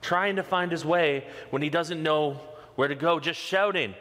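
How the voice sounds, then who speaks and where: A man's voice: fairly high pitch, a bit bright. Passionate male preacher in a reverberant hall. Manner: passionate, emphatic preaching with slow repeated lines. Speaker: pastor. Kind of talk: sermon. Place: church sanctuary. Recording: long reverb of a large hall.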